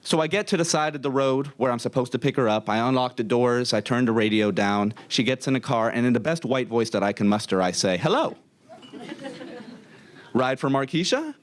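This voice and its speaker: A young man telling a comic story to a live audience in a comedy club, wry and deadpan sarcastic. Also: mid-range voice, quick pace, hardly any pauses.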